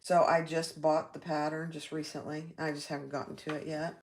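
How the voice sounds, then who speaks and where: A woman's voice: low-pitched, flat delivery, brisk. A woman hosting a live sewing tutorial, chatting with viewers and reacting aloud as she works. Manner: chatty, reacts aloud while working, reads viewer comments. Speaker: sewing livestream host.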